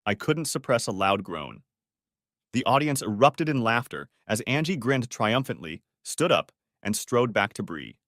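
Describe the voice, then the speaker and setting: A man's voice: mid-range voice, very animated, a little slow, a bit bright, no room sound, clean studio sound. A man narrating a first-person story audiobook in a wry, conversational way.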